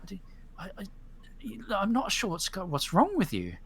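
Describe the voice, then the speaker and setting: Picture a gentle young woman , as a male game master puts her on, speaking in a raised, sing-song voice that swoops up and down. She coaxes softly but falters into nervous, broken phrases. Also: high-pitched, huge pitch swings, creaky, slight background noise, voice pushed up, exaggerated voice. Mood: puzzled. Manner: soft, coaxing, then fearful and halting. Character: cautious young woman who soothes animals, easily spooked.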